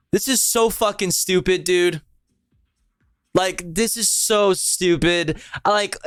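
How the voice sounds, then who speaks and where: Male streamer, snarky and sweary, pitch swinging widely, dry close sound with soft music underneath. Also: no room sound. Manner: sarcastic, profane, incredulous, laughs often. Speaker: streamer reacting to a speech. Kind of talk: casual reaction commentary.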